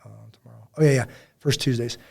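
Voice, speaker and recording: Male podcast host with a gravelly, somewhat husky voice; animated, rambling chat. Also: mid-range voice, fast talker. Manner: rambling, animated storyteller with many fillers. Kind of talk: casual faith podcast chat.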